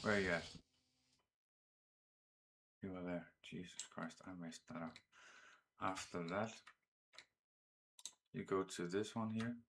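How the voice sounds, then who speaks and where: A man's voice: sits low, steady tone, fairly bright tone, slight background noise. A man with a Danish accent, casually commenting on his game as he sets up train routes. He talks to his trains and swears or exclaims when something goes wrong. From Denmark. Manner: slow and drawn out, thinking aloud while setting up routes. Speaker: gaming streamer.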